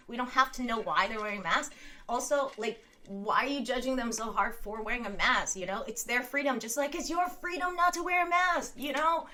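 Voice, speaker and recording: A woman's voice: fairly high pitch, bright, forceful tone. A young adult woman from California hosting a casual livestream chat, rambling and laughing often as she reads viewer comments. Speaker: livestream host. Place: home room.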